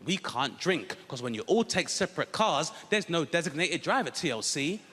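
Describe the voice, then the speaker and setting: A man's voice: on the high side, big pitch swings, normal speed, very noisy. A male stand-up comedian telling an exasperated story on stage in a large theatre. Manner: builds to exasperated shouting. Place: large theatre with a live audience. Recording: roomy live theatre recording with loud audience.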